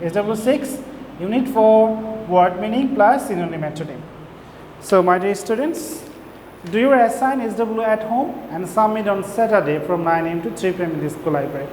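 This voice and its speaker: A man's voice: high-pitched, a little mellow. A male teacher giving a recorded English lesson to young children, spelling out each word letter by letter. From Bangladesh. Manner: slow, spells words letter by letter. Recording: echoey room with faint hiss.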